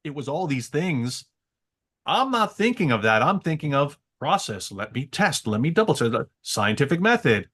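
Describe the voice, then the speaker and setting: A man on a podcast, telling a story with excitable energy and frequent stammering repeats. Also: a little high, normal speed. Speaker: guest. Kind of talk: animated storytelling.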